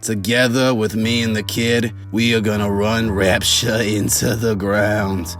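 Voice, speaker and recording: A bumbling tough-guy gangster, as a man puts him on, his voice dropped low and dragged out slowly. He drawls every line with mock menace over faint background music. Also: flat delivery, a bit bright. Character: clumsy gangster man botching accents.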